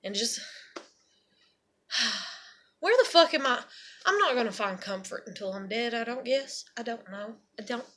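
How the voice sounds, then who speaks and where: A woman's voice: on the high side, animated, measured pace, pauses often, a bit bright, a little hiss or hum. A woman talking to her viewers in a rambling, profane, emotional confessional vlog. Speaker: mother vlogging to her viewers.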